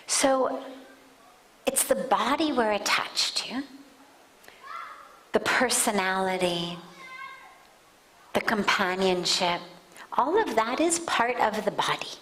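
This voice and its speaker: A woman spiritual teacher giving a deliberate discourse in a satsang hall, often dropping to soft near-whispers. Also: medium pitch, lively intonation, slight background noise. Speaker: spiritual teacher answering questions.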